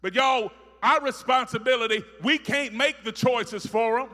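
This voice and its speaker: A man preaching a sermon, repeating phrases rhythmically and building from soft talk to shouting. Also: very high voice, normal speed, long reverb tail.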